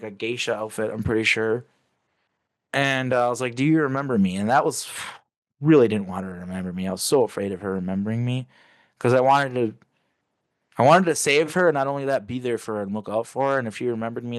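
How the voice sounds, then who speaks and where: A man talking as an interview guest, recounting memories casually but intensely and swearing freely. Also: medium pitch.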